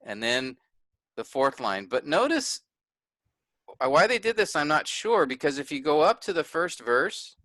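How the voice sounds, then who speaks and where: Male workshop teacher, clear bright tone, dry close sound, methodical explainer. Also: fairly high pitch, sing-song, a little slow, no echo. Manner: pointing things out step by step, self-correcting. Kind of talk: explaining a text on screen.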